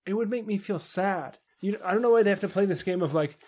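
A man's voice: high-pitched, quick pace, darkish tone. A man co-hosting a casual podcast, ranting animatedly about a show and acting out lines in funny voices. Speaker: podcast co-host. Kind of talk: casual chat.

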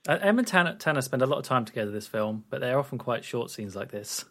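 Animated man chatting as co-host. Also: medium pitch. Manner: chatty, amused reactions and quick asides. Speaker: podcast co-host. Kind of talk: casual film chat.

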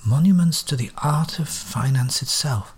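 A man voicing a polished, formal gentleman who steps in to keep order in a radio-style drama. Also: fairly high pitch, normal speed, husky, voice pushed up. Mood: courteous. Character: urbane, impatient male gentleman mediator.

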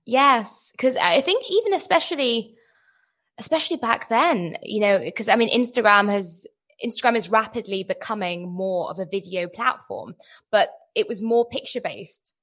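A woman's voice: mid-range voice, lively intonation, moderate pace, a bit bright. A woman hosting an interview, asking long, thoughtful, winding questions in a conversational way. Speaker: podcast interviewer.

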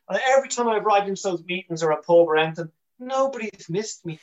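An Irish man, a comedian guest on a podcast, telling candid stories with animated energy and frequent swearing. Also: fairly high pitch, fairly quick, hardly any pauses, lo-fi sound. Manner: animated storyteller, swears freely, restarts often.

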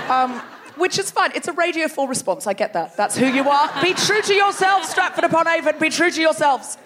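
A woman hosting a comedy podcast live on a theatre stage, teasing the audience in animated crowd work. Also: high-pitched, normal speed, noisy background. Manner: teasing, animated, laughing between jokes. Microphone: stage microphone.

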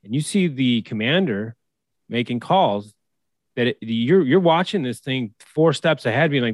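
A man's voice: mid-range voice, expressive, normal speed, no echo. A man co-hosting a casual hockey talk show, fired up, swearing, and acting out quotes. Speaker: co-host, former pro hockey player and coach.

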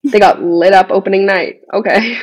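A woman's voice: medium pitch, moderate pace, slightly rough, poor audio. A young woman guesting on a podcast, telling stories animatedly with lots of fillers in casual chat. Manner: animated storyteller, many fillers.

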